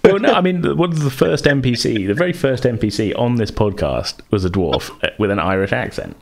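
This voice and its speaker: A man's voice: medium pitch, expressive, brisk, creaky. A man co-hosting a podcast and running its tabletop game, chatting casually with many restarts. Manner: hesitant, many restarts and fillers. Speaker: podcast co-host and game master. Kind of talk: casual chat about worldbuilding for a tabletop game.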